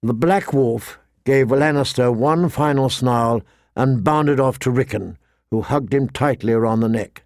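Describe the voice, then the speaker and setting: A man's voice: medium pitch, no echo. Male audiobook narrator, dry close sound. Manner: measured, steady storytelling. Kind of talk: scripted fantasy narration.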